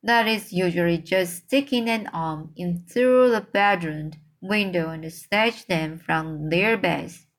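A woman reading a children's book aloud, voicing a huge gentle old male giant who talks slowly and mixes up his words. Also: on the low side. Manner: slow, drawn-out speech with jumbled words.

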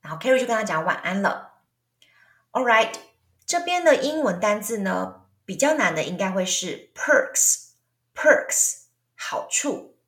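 A woman's voice: medium pitch, very animated, normal speed, fairly bright tone, reverberant. A woman teaching English phrases in a bilingual lesson, explaining them and reading parts aloud. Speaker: language teacher.

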